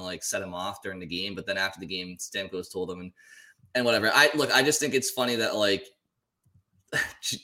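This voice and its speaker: A man's voice: on the low side, sharp tone. A man co-hosting a casual sports talk show, rambling and often stumbling over repeated words. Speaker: podcast co-host.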